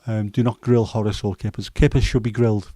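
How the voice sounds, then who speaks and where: A man in his fifties with a Scouse accent and a hoarse throat, hosting a casual chat livestream in a rambling, jokey way with many fillers. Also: lowish voice, little pitch movement, fairly quick, dark tone, no echo. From Liverpool, England. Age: 50s. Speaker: livestream host.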